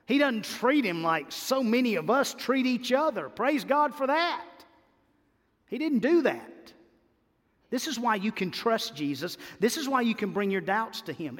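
A man with a high voice preaches a sermon, swinging between hushed reflection and emphatic peaks. His words ring out with a long hall reverb behind them. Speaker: pastor.

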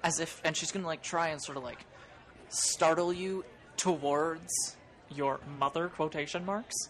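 Slow, low-voiced woman game master. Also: fairly bright tone. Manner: hesitant, many fillers, unhurried. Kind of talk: narrating a tabletop game.

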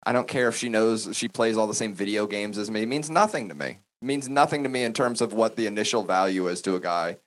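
A man in casual crude chat, giving blunt opinions rapidly. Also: on the low side. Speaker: podcast co-host.

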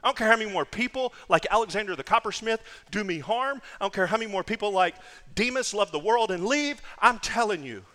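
Emphatic high-voiced preacher in a hall. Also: male voice, animated, quick pace, bright, forceful tone. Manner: emphatic, repeats phrases for stress. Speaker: pastor. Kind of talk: sermon.

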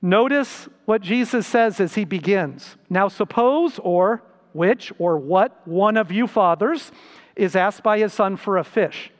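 A high-pitched man delivers a sermon at an unhurried, measured pace. He leans into sudden emphatic rises on the words that matter. His voice carries with a long reverb, as if recorded in a large hall. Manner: slow, deliberate preaching with sudden rises for emphasis. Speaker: pastor.

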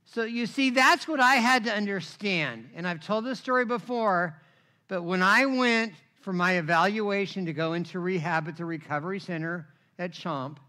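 A middle-aged man preaches from the pulpit with a high, bright voice. He tells his own story with animated energy, acting out the voices of others and checking in with "right?" as he goes. His tone is forceful and vivid throughout. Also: moderate pace. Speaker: pastor. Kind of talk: sermon with personal testimony.

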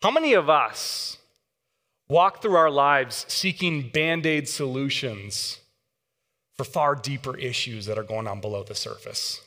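A man preaching a sermon, an animated storyteller who acts out the voices in his anecdotes. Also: mid-range voice, measured pace. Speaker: guest pastor. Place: church sanctuary. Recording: long church hall reverb.

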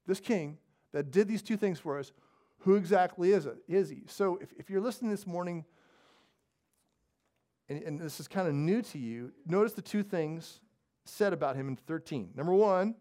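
A man leading a church service as pastor, praying and then preaching in a casual, self-deprecating, animated way. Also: sits high, moderate pace. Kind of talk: sermon with opening prayer. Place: church sanctuary.

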